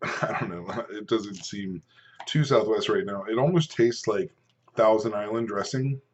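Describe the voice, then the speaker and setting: Man, 50s, low-pitched, casual eating vlog, rambling chat, dull lo-fi sound. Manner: rambling, chatty, with pauses to chew. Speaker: food and fitness vlogger. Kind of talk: casual talk to camera while eating.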